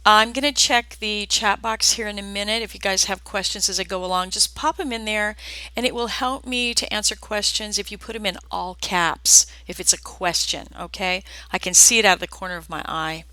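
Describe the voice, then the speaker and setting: On a live-streamed painting demonstration, a female art instructor with a Southern US accent talks straight to her viewers in a chatty, folksy way. Her voice is medium in pitch, steady, a little fast and sharp. The recording is low quality, with no echo.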